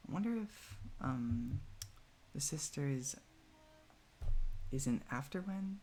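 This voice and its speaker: Mellow-voiced man musing over a game. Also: medium pitch, expressive, a little hiss or hum. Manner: musing, hesitant, halting with fillers. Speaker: streamer. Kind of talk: live game playthrough, reading dialogue aloud.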